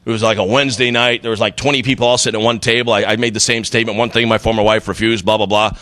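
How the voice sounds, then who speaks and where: A man's voice: fairly low pitch, steady tone, very fast, a bit bright, dry recording. A middle-aged man doing a stand-up comedy routine on a club stage, telling stories with punchy delivery and acted-out quotes.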